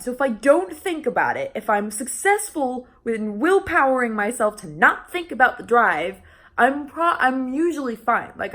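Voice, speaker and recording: A woman's voice: medium pitch, fairly bright tone. A young woman talking casually in a vlog, chatty and full of restarts and fillers, laughing often. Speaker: vlogger.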